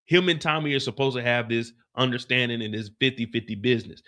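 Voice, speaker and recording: A man hosting a live stream, recapping a TV episode in a casual, profane, animated way. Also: mid-range voice, fast, few pauses.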